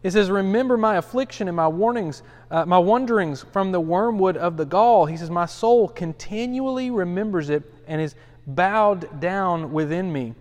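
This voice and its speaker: A man's voice: high voice, moderate pace. A man in his thirties, a pastor teaching a Bible study in a conversational, self-deprecating way with frequent restarts. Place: church study. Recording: long hall reverb.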